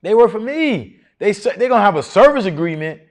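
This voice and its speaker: A man's voice: high-pitched, sing-song, fairly quick. A man teaching a live seminar to an audience in a room, casual and confident, often asking the crowd rhetorical questions. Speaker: seminar speaker teaching contracting.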